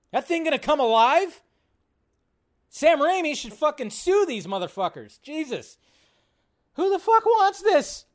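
A man hosting a live movie-news show, talking in a casual, animated way and swearing often. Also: extremely high pitch. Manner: animated, profane, excitable. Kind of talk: casual live-stream commentary.

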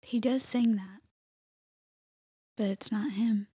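Woman, husky voice, off-mic interjections, dry sound. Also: a little high, steady tone, slow pace, warm tone, no echo. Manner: brief interjections from the side. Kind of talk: casual chat.

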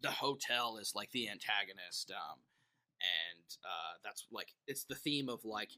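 Bright-voiced young man rambling casually. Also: fairly low pitch, unhurried. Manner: rambling, animated storytelling with many fillers. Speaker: podcast co-host. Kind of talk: casual chat.

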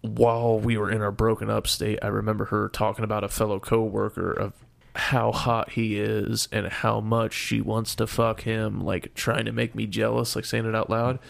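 A man's voice: lowish voice, completely flat delivery, moderate pace, vocal fry. A young man casually retelling a story in a profane, exasperated way. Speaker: storyteller guest.

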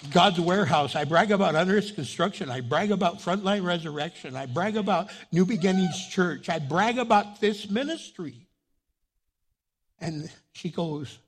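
Fervent, gravelly-voiced male pastor. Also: a little high, lively intonation, normal speed. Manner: fervent, repetitive exhortation. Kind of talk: sermon.

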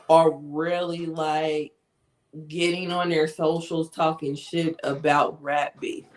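A woman co-hosting a podcast, giving emphatic, profane commentary in a casual chat. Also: lowish voice. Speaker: podcast co-host.

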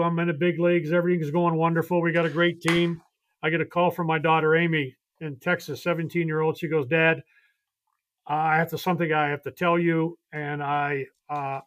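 An older man, a veteran baseball coach, appears as a podcast guest telling earnest, heartfelt personal stories with frequent restarts. His voice is fairly high-pitched and fairly bright.

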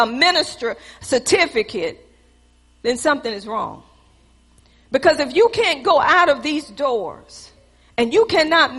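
A woman preaching a fervent sermon, exhorting the congregation and at times rising to shouts. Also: high voice.

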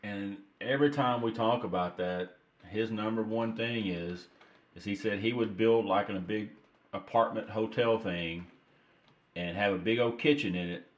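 Guy cohosting a podcast, low voice, jokey and rambly, cusses a bit, kinda muffled lo-fi audio. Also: moderate pace. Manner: joking, rambling, swears casually. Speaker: podcast co-host. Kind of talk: casual chat. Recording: dull lo-fi sound.

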